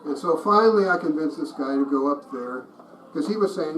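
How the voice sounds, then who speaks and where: A man's voice: a little high, lively intonation, fairly quick, a bit bright. Middle-aged man telling stories in an echoey room. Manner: conversational and anecdotal, with frequent restarts and chuckles. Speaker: pro-life ministry teacher. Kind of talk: storytelling teaching talk. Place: meeting room with a group. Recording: roomy echo, mic at a distance, faint noise.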